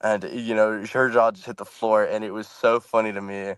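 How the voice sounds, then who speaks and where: A man, a scare actor guest on a podcast, telling an animated story and tossing in "man" as he goes. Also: fairly low pitch, moderate pace, clear, resonant tone, no echo. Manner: animated, laughing storyteller who says "man".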